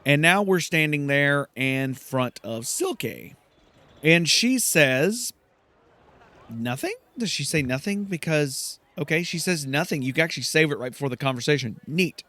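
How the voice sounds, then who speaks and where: A young man hosting a let's play, casually thinking aloud and reacting excitably. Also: on the high side, normal speed. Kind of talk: gameplay commentary.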